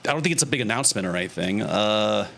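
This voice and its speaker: A man's voice: on the low side, expressive, quick pace, vocal fry, a bit bright. A young man hosting his own art livestream, chatting casually with viewers, laughing often and swearing freely. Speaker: streamer.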